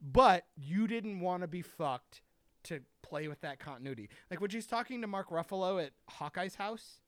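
Podcast host, male, lively and pitchy, swears freely, close dry mic. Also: moderate pace, dry recording. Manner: animated, profane, opinionated. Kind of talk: casual chat.

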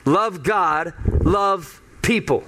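High-voiced male preacher, emphatic. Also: drawn-out words, pushed and bright, slight background noise. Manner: conversational, emphatic, repeats key phrases. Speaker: pastor. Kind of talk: sermon.

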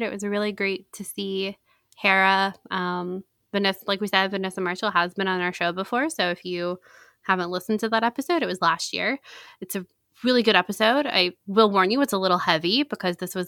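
A woman's voice: mid-range voice, a little fast, sharp tone, no room sound, studio quality. A woman co-hosting a podcast in casual chat, chatty and hedging with lots of fillers. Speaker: podcast co-host.

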